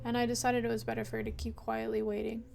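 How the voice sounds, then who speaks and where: A woman's voice: fairly high pitch, monotone, fast, gravelly, a little mellow, a little hiss or hum. A woman streamer playing a horror game, reading the game text aloud and reacting with anxious, nervous laughter. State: anxious and jumpy. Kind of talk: horror game let's play. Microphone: headphones with mic.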